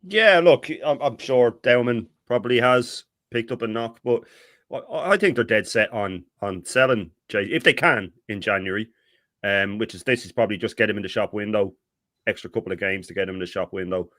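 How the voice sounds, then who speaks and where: A middle-aged man co-hosting a fan talk stream, ranting in an animated, exasperated way. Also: on the low side, normal speed, no room sound, clean studio sound. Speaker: co-host.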